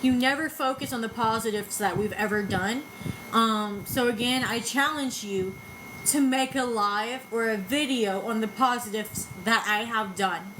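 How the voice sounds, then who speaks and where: A high-pitched woman with a drawl answers her critics bluntly and defensively, swearing as she goes. Faint noise hums behind her voice. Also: measured pace. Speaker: vlogger reacting to videos. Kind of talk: casual reaction commentary.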